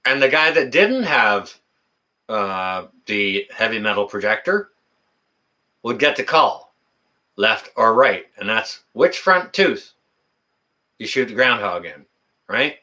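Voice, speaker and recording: A man's voice: fairly low pitch, sing-song, slow pace, long pauses, sharp tone. A middle-aged man hosting a casual livestream, reading the chat in a folksy way, with lots of fillers and laughter.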